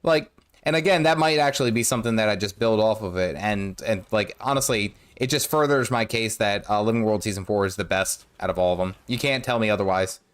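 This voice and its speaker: A man's voice: on the low side, a little fast, clean tone. A man streaming a video game in a casual, rambling way, correcting himself and humming to himself, with a sore, cracking throat. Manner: rambling, self-correcting, hums and sings nonsense to himself. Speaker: gaming streamer. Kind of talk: casual live-stream commentary while playing.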